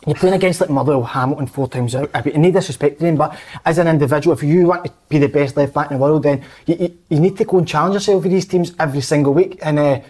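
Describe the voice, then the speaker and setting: A Scottish man co-hosting a chat, talking in an animated way, swearing and saying "mate" a lot. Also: a little high, fast talker, few pauses. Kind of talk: casual chat.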